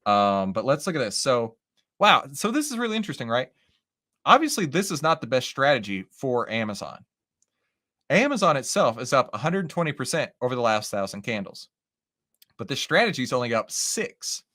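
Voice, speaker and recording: Chatting casually with his viewers, a man hosts a live stock-trading stream and goes over charts at a moderate pace in a medium-pitched voice. He keeps things lively and animated, often checking in with "right?" or "okay?" in this casual market commentary.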